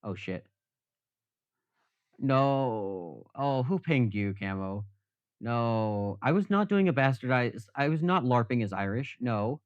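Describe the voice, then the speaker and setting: A man with a middle-pitched voice talks casually on a live stream, rambling and making fun of himself as he reads viewer comments. The sound is dry and a bit dull, like a basic home mic with no room echo. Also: very animated, normal speed. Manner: rambling, self-deprecating, chatting with viewers.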